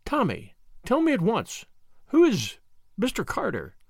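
A man voicing an eager, chatty young woman with a bubbly, excitable manner. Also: high-pitched, measured pace, gravelly, no echo, clean studio sound, voice pushed up, exaggerated voice. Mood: excited.

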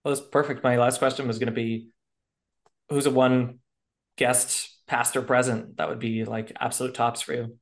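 A man's voice: medium pitch, level tone, moderate pace. A man hosting a podcast, asking loose, jokey questions in casual interview chat. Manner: jokey, loose, with fillers and laughs. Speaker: podcast host.

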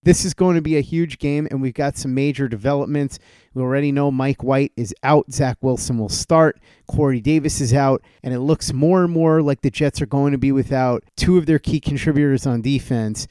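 Mellow, smooth-voiced male sports host. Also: mid-range voice, dry recording, clean studio sound. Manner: measured, methodical rundown of news. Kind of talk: sports talk show.

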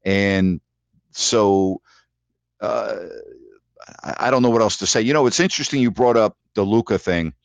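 A man's voice: fairly low pitch, normal speed, vocal fry, long pauses, dry recording. A man hosting a call-in show, chatting casually and telling stories in a blunt, emphatic way, often repeating himself to drive a point home. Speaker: show host. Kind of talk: casual call-in chat and storytelling.

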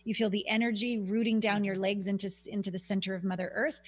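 A woman talking as a guest on a talk radio show, coaching in a casual, animated way and acting out little bits of dialogue. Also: mid-range voice, quick pace, no room sound. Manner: animated, acts out quoted dialogue; coaching, soothing tone. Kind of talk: casual interview chat.

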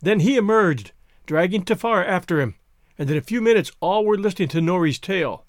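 A man reading a short story aloud in an expressive, dramatic narration. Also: high-pitched, fairly quick, dry recording, studio quality. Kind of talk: scripted narration.

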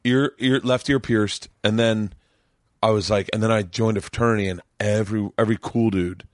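A man's voice: fairly low pitch, normal speed, no room sound, clean studio sound. A man hosting a podcast, telling stories with energy and acting out the voices of people in them. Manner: animated storyteller, acts out dialogue, laughs often. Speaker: podcast host. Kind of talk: casual chat.

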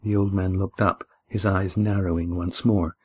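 A man narrates a novel in an even, measured storytelling voice, shifting only lightly for the characters. His voice sits low and carries a husky edge. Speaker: audiobook narrator.

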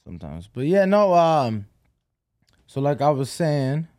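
Guy with a mellow, slightly high voice, hesitant boxing chat, lots of ums, dry mic. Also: big pitch swings, a little slow, no echo. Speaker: boxing show co-host. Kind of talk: casual sports chat.

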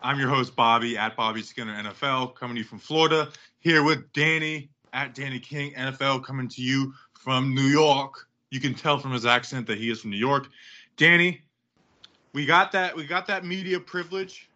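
A man hosting a casual sports podcast, talking in a rambling, excitable way and acting out other people's quotes. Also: mid-range voice, normal speed, muffled recording. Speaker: podcast host.

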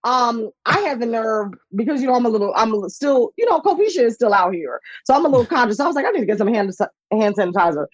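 An excitable woman in her thirties, telling a lively anecdote with lots of laughter and high-pitched quoted voices. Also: quick pace, hardly any pauses, no echo, dull audio. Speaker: guest. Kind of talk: animated storytelling anecdote.

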